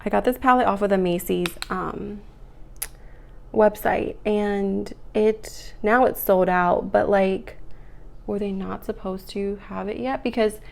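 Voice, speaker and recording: A young woman in a casual get-ready-with-me chat, talking through her makeup as she goes. Her voice has a gravelly fry and is still rough from the morning. She rambles a bit and fills gaps with "like" and "um". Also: medium pitch, slow, darkish tone. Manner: chatty, rambling, lots of "like" and "um". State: morning voice, clearing throat. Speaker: beauty vlogger.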